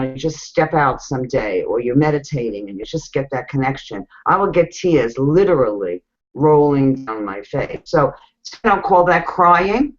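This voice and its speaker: A woman's voice: deep voice, highs cut off. A woman hosting a casual group coaching talk, frank and blunt, with mild swearing.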